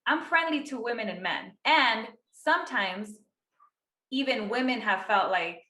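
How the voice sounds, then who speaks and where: Thirties woman, podcast co-host, chatty and animated, crisp bright tone, echoey room. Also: on the high side, normal speed. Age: 30s. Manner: chatty, lots of "like" fillers, acts out quotes. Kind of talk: casual chat.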